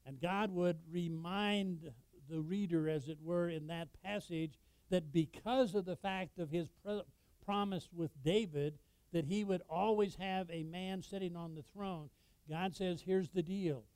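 Preaching man, mellow and dry. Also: sits high, fairly even intonation, measured pace, clear, resonant tone, no room sound, low-quality recording. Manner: expository preaching, quotes scripture, sudden loud emphasis. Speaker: pastor. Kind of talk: sermon.

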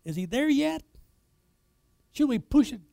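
A very animated preacher delivers his sermon at a measured pace in a very high, gravelly voice. He poses rhetorical questions to his congregation and alternates between booming proclamations and soft asides.

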